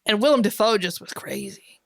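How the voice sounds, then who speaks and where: A woman's voice: medium pitch, expressive, a little fast, creaky, fairly bright tone, no echo, clean studio sound. A woman co-hosting a film podcast in casual chat, going off on chatty tangents. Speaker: podcast co-host.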